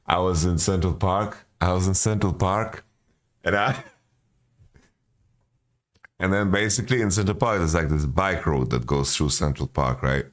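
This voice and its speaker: Low-voiced man ranting casually, swearing. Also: moderate pace, pauses often. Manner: loose, profane, says "bro" constantly. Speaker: streamer hosting a watch party. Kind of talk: casual reaction commentary.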